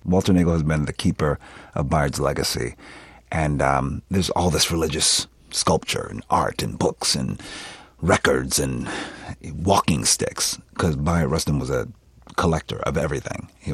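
A man's voice: very deep voice, normal speed, breathy edge, no echo. A man in his fifties from Philadelphia, an actor talking expressively about his work in an interview. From Philadelphia, USA. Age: 50s. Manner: animated, expressive storytelling with laughs. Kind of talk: conversational interview.

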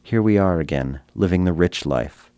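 Radio commentator, male, deep, reads a personal essay calmly and close to a dry mic. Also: clean tone, no room sound. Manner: measured, quiet, storytelling delivery. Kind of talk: reflective personal essay read aloud.

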